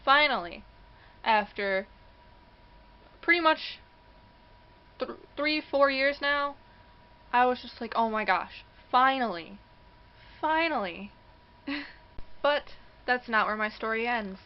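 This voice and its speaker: A young woman tells a personal story to her camera in a casual, lively way, putting on voices for the people she quotes and laughing often. Her voice sits a little high. The recording sounds dull and lo-fi. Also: takes it slowly, pauses often, smooth. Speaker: vlogger. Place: indoors near a passing train.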